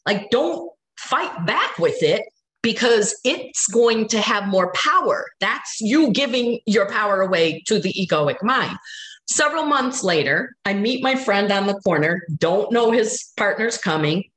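Storytelling woman with a slightly hoarse voice. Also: medium pitch, unhurried, roomy sound, poor audio. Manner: storytelling, animated, laughs often. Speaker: guest speaker. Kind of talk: casual spiritual talk.

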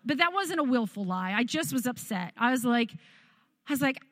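A woman pastor telling a story in a sermon, animated and humorous. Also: a little high, normal speed, no room sound.

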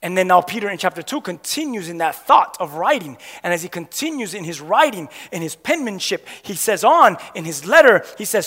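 High-voiced man preaching in echoing hall. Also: sing-song, brisk, hardly any pauses, a bit bright, breathy edge. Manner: emphatic call-and-response questioning. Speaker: pastor. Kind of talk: sermon. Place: church sanctuary. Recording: long hall reverb.

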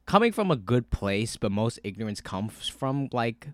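A man telling a story in casual podcast chat, cursing a lot, with many fillers and animated bursts. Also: medium pitch, normal speed, no echo. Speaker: podcast co-host.

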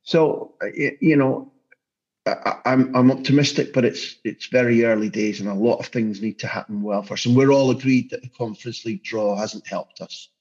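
A man's voice: mid-range voice, normal speed, a little mellow. A football journalist speaking as a podcast guest, passionate and emphatic, often restarting his sentences. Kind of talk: podcast interview. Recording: dull lo-fi sound.

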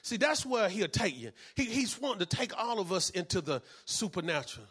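A high, lively male voice, preaching with fervor. His tone is bright and husky, rising from calm teaching to shouting. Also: fairly quick. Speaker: pastor. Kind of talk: sermon.

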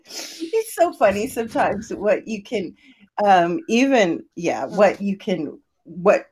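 A woman's voice: medium pitch, very animated, slow, darkish tone, slightly rough. A woman hosting a casual chat, laughing often and restarting her sentences. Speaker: podcast host. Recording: noisy recording.

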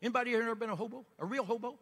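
A man preaching a sermon as an evangelist, folksy storytelling that builds up to shouting. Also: very high-pitched, very fast, breathy edge, long reverb tail. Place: church sanctuary.

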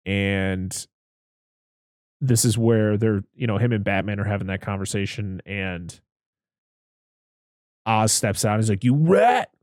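A man's voice: fairly low pitch, flat delivery, measured pace, long pauses, dry recording, studio quality. A man co-hosting a casual chat, retelling a film scene by scene in a rambling, profane, enthusiastic way. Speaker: podcast co-host recapping a film.

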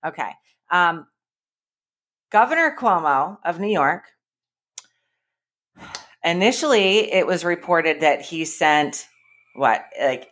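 A woman's voice: on the low side, a bit bright. Sarcastic woman podcast co-host. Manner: sarcastic, profane banter. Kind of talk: casual political chat.

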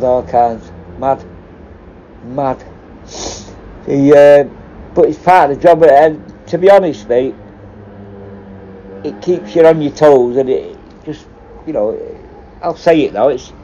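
Middle-aged bloke, ex-prison officer, sweary rambling storyteller; mellow dark voice, dull lo-fi recording. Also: male voice, medium pitch, a little hiss or hum. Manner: sweary, rambling, laughs at his own stories. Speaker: former prison officer and hostage negotiator. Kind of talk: casual storytelling.

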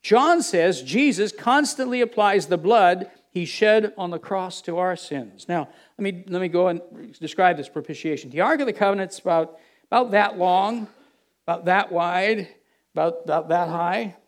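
A man preaching a sermon as a pastor, asking the congregation rhetorical questions and dropping to a low murmur when he acts out quoted dialogue. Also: normal speed.

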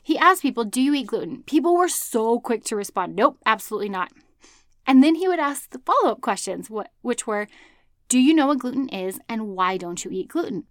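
A woman in her thirties hosts a podcast and talks straight to her listeners. Her voice sits a little high, chatty and upbeat, with frequent laughs. The sound is close and dry, with no room around it. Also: expressive, a little fast, no echo. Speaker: podcast host. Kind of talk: casual advice talk.

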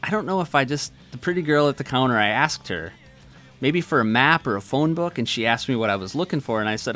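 A man's voice: mid-range voice, expressive, fast talker, sharp tone, faint music behind. A man from Wisconsin with an Upper Midwest American accent, hosting a podcast in casual chat. He rambles through stories and swears freely. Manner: laid-back, swears freely, rambling storyteller. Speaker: podcast host.

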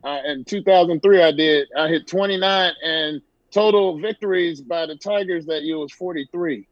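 Man, podcast guest, higher voice, matter-of-fact, wry, casual chat. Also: moderate pace, no echo, muffled recording.

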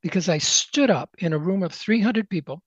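A man speaking as an interview guest, telling a motivational story in an emphatic, animated way. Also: sits high, moderate pace, slightly rough, dry recording, muffled recording.

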